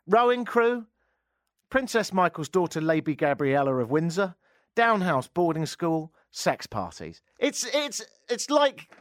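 Animated, sarcastic male radio host. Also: high voice, unhurried, no echo, studio quality. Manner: sarcastic, jokey asides. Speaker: radio talk show host. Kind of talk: radio talk show, reading and riffing on odd news. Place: radio studio. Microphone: studio microphone.

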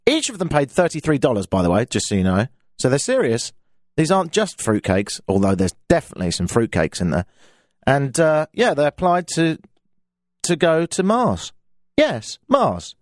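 A man's voice: big pitch swings, normal speed, no echo, studio quality. A man with a London accent hosting a radio talk show, chatting in a self-mocking, rambling way. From England. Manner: chatty, self-mocking, with playful pitch swings. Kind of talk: casual radio monologue. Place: radio studio. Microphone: studio microphone.

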